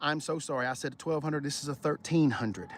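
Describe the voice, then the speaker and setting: A man's voice: fairly high pitch, brisk. A man hosting a casual live car walkaround on a sunny outdoor dealership lot, rowdy and joking, swearing freely.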